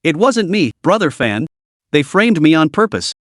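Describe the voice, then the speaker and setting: A man's voice: a little high, very animated, normal speed, no room sound, clean studio sound. A man voicing a cowardly male gang rival who stammers and pleads for mercy. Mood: pleading.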